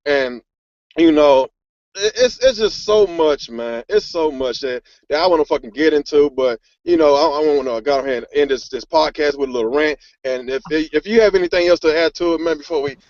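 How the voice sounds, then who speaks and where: A man with a high-pitched voice hosts a casual podcast and rants angrily, swearing often. The sound is dry and muffled, as if from a cheap mic. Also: lively intonation, brisk, darkish tone, dry recording. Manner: profane angry ranting. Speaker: podcast host.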